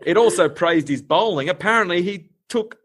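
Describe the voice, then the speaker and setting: A man's voice: high voice, normal speed, fairly bright tone. Chatty Australian man telling a story. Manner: chatty, laughs often, fillers. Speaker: podcast host. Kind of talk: casual storytelling chat.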